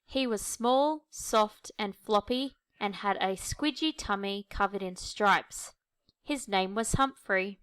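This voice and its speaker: A woman reading a children's picture book aloud in a gentle, expressive way. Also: medium pitch, slow, clean tone. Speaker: storyteller.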